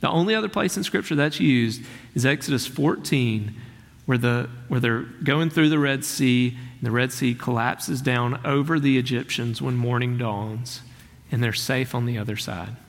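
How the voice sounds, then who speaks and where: A man preaching a sermon as pastor, earnest and emphatic, slowing down and softening his voice on key phrases. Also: medium pitch, vocal fry, long reverb tail.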